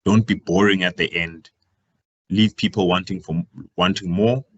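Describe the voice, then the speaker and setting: Husky man teaching public speaking. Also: steady tone, normal speed, highs cut off. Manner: projecting louder than usual, swinging his pitch and volume up and down to demonstrate. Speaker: career talk presenter. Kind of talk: live workshop presentation.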